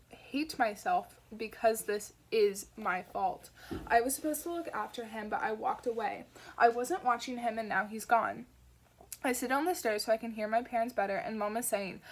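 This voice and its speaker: A woman reading a first-person audiobook aloud in a soft, measured storytelling manner. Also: a little high. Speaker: audiobook reader.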